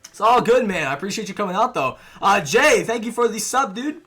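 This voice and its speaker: A man's voice: sits high, expressive, fairly quick, pushed and bright, breathy edge. A young man streaming a game, chatting casually and answering viewers in a laid-back way. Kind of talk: casual live-stream chat reading viewer messages.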